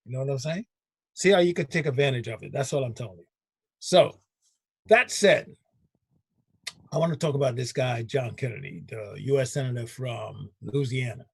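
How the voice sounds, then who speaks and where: A man hosting a casual radio talk show, emphatic and animated, often laughing. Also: mid-range voice, normal speed, gravelly, long pauses, breathy edge, dry recording, clean studio sound.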